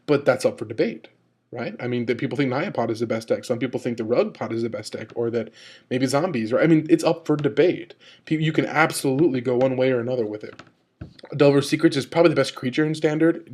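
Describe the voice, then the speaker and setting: A man vlogging an unscripted rant to camera, rambling with lots of "like" and "you know" and jumping up in pitch as he gets annoyed. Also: a little mellow, breathy edge. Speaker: video blogger.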